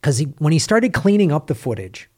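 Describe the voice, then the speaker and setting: A man's voice: fairly high pitch, fairly quick, breathy edge. A man hosting a casual film podcast, telling a story with energy and retelling what others said. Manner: animated storyteller, retells quotes. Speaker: podcast host. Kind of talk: casual film review chat.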